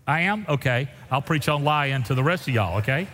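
A man preaching a sermon, folksy and animated, his voice climbing sharply when he presses a point. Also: medium pitch, normal speed. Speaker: pastor. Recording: reverberant hall.

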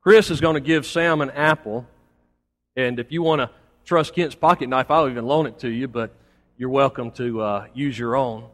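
Here a pastor with a medium-pitched, fairly bright voice speaks at normal speed through his Sunday sermon. He alternates emphatic peaks with folksy asides to the congregation, and the church sanctuary lends a long reverberant tail.

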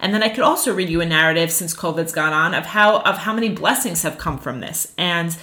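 A woman teaching a class on Jewish ethics, earnest and animated, telling personal stories with frequent fillers. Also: fairly low pitch, fairly quick. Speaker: religious teacher.

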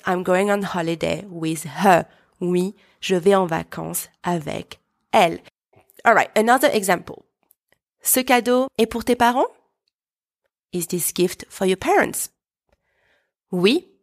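Slow, gravelly-voiced French woman teaching. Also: medium pitch. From France. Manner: slow, patient, repeats words for learners to echo. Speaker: French teacher, podcast host. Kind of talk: scripted podcast lesson.

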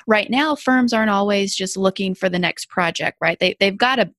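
A woman hosts an interview and moves quickly through her questions, with plenty of fillers and repeated words. Her voice is mid-pitched and the sound is dry and close. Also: fairly bright tone, no echo. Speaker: podcast host.

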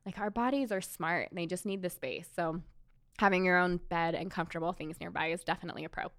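Earnest chatty woman with a smooth voice. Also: fairly low pitch, quick pace, fairly bright tone, no echo, studio quality. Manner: earnest, personal, chatty with many fillers. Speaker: doula. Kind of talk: casual talk about birth.

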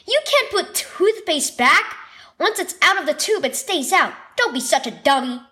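A woman voicing an older brother in a children's story, speaking quickly and earnestly. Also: very high-pitched, sing-song, bright, forceful tone, voice pushed up, heavily acted. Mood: agitated. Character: older brother, a boy babysitting.

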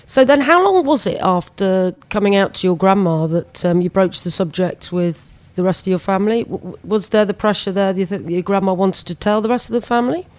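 A British woman hosting a podcast, asking gentle, sympathetic questions in an interview. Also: mid-range voice, fairly quick, dry recording. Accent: British English. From United Kingdom. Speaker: podcast host.

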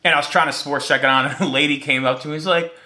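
A man's voice: a little high, fairly even intonation, very fast, bright, forceful tone. A man hosting a podcast on his own, telling stories in a light-hearted, rambling way, with a slight lisp. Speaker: podcast host. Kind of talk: casual solo podcast talk.

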